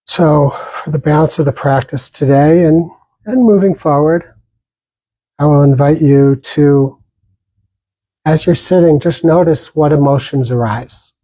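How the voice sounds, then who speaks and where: A man giving a dharma talk as a meditation teacher, speaking gently with pauses and small restarts. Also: fairly high pitch, dry recording, low-quality recording.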